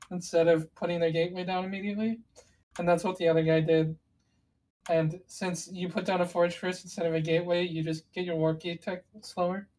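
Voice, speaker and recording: Brief: woman with a lower voice, co-host who walks through game strategy in loose, meandering detail. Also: darkish tone, poor audio. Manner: rambling, detailed explainer with restarts. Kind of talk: casual gaming chat.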